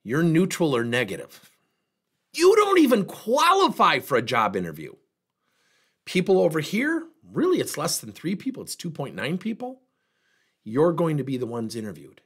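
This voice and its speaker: Middle-aged guy trainer, husky voice, pitch jumping all over as he tells a work story. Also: moderate pace. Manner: animated storyteller, plays out dialogue. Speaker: workplace trainer and speaker. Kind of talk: motivational talk.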